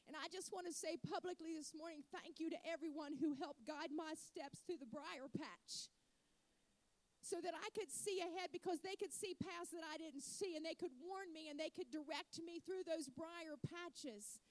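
A woman's voice: very high-pitched, moderate pace. A middle-aged woman preacher delivering a storytelling sermon that builds to fervent exhortation.

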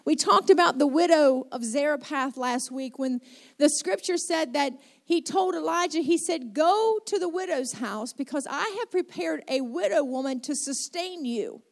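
A woman's voice: high voice, expressive, moderate pace, gravelly. A woman pastor preaching a sermon to her congregation, retelling scripture with dramatic shifts of pace. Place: church sanctuary with congregation.

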